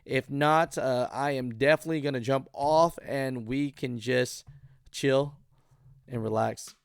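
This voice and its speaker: A man's voice: medium pitch, a little slow, vocal fry, clean tone, dry recording. A man hosting a live trucking call-in show, talking loosely and laughing often. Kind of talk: casual live-stream talk.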